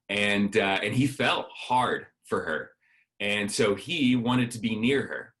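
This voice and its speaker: Lower-voiced man telling a sermon story. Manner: lively storyteller acting out dialogue. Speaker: guest speaker.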